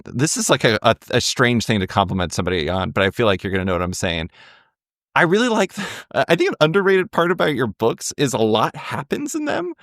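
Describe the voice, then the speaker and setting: A man's voice: medium pitch, big pitch swings, fairly quick, fairly bright tone, dry recording, clean studio sound. A man hosting a podcast interview, asking thoughtful questions in a conversational way. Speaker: podcast host.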